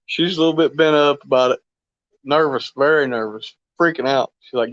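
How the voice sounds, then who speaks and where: A man chatting on a fishing live stream in a loose, folksy ramble, chuckling as he goes. His voice sits at an ordinary pitch. It comes through dull and lo-fi, with a dry, close sound. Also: moderate pace, dry recording. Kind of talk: casual live stream chat.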